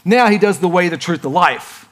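Guy preaching casually, kinda high voice, animated and chatty, does little voices for the story bits. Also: normal speed. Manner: lively, conversational preaching with acted-out voices. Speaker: pastor. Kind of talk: sermon.

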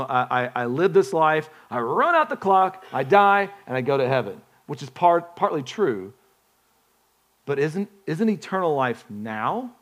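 A man preaching a sermon in a conversational way, often putting questions to the congregation and restarting his phrases. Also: fairly high pitch. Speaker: pastor.

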